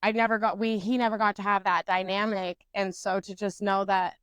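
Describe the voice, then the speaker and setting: A young adult woman co-hosting a podcast, telling a story in a casual, profane, animated way. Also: mid-range voice, a little fast, smooth, no echo. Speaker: podcast co-host.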